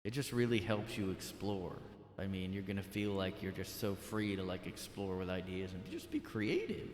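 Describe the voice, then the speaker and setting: A man's voice: sits low, big pitch swings, normal speed, few pauses, low-quality recording. A man hosting a solo comedy podcast, talking in a tired, rambling, laid-back way. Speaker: podcast host.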